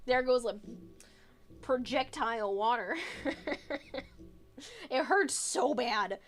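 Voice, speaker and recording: A woman's voice: on the high side, slow, long pauses. A woman streamer chatting casually with viewers, telling funny family stories with frequent laughter and reading comments aloud. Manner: giggly storytelling, reading chat aloud.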